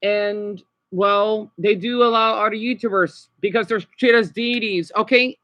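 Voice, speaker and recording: A man livestreaming from home in an unscripted rambling vlog. He sounds upset and exhausted, talks haltingly, repeats himself and keeps tagging lines with "okay?". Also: sits high, fairly even intonation, no room sound, dull audio. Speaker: vlogger livestreaming.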